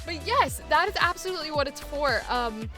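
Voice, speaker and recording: Woman coach, animated explaining, laughs a lot, high pitch, faint music behind. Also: a little fast. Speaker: voice acting coach. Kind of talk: coaching session.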